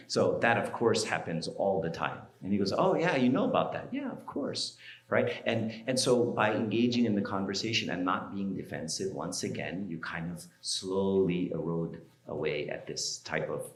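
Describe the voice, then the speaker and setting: A man's voice: low voice, echoey room. A middle-aged man, an archdeacon giving a parenting seminar, talking conversationally and telling stories, often checking in with "right?". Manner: conversational, storytelling, keeps asking "right?". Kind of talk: seminar talk. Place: church hall.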